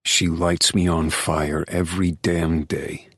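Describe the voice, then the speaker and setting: A man narrating a romance novel in the first person, with measured, low-key storytelling. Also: little pitch movement, a bit bright, breathy edge, no room sound, clean studio sound. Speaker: audiobook narrator.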